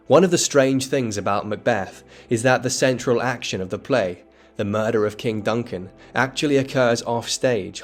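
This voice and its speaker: Man narrating a literature lesson. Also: on the low side. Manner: measured, dramatic storytelling tone. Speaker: literature explainer. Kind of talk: scripted educational narration.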